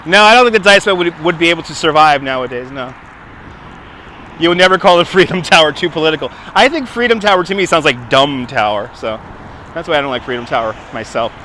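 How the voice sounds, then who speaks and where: A man's voice: on the high side, expressive, quick pace, bright, forceful tone, slight background noise. A man with a Brooklyn accent hosting a casual live stream on a city waterfront, chatting, laughing often and thanking donors, recorded on a phone on a gimbal. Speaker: livestream host.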